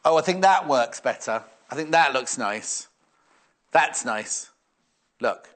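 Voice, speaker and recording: A man's voice: medium pitch, lively intonation, slow, a bit bright. A man presenting fabrics on a live shopping channel, chatting and musing aloud as he reads out viewer messages. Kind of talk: live sales demonstration.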